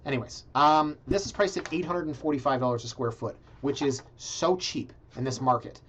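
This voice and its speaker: A man hosting a casual video, reviewing condo listings in a sarcastic, animated way and talking straight to his viewers. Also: medium pitch, moderate pace, a little hiss or hum. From Canada. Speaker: realtor and video blog host. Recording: slightly dull, lo-fi sound.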